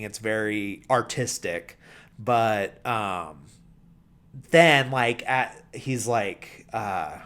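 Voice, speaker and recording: A man hosting a podcast, casually recapping a film's plot with lots of fillers and mumbled quoted lines. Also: on the low side. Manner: rambling, filler-heavy, drops into quiet mumbled quotes. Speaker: podcast host.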